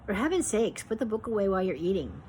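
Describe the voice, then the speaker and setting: A woman's voice: medium pitch, sing-song, fast, darkish tone, slight background noise, close to an everyday voice. A woman voicing a stern, proud older grandmother who answers curtly. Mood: brusque. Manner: brusque, dismissive.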